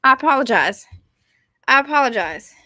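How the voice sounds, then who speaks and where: A young woman with a drawl rambles through a casual rant, often apologizing and putting herself down. Her voice is high and bright. The sound is dry and close. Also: lively intonation, moderate pace, dry recording. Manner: rambling, apologetic, self-deprecating. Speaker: vlogger.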